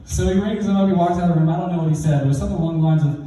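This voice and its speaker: A young man telling a stand-up story, animated, jumping into high and low voices for the people he quotes. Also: rapid-fire, slight background noise. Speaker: stand-up comedian. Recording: roomy hall, mic from a distance.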